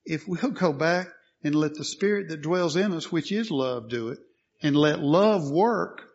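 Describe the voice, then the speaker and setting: A man's voice: a little high, expressive, measured pace, lo-fi sound. A man preaching a sermon, asking questions and answering them, with emphatic statements.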